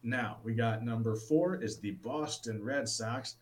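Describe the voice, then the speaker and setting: A man's voice: mid-range voice, unhurried, a little hiss or hum, rough recording. A man co-hosting a casual sports talk show, enthusiastic and rambling, with plenty of restarts. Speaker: sports podcast co-host.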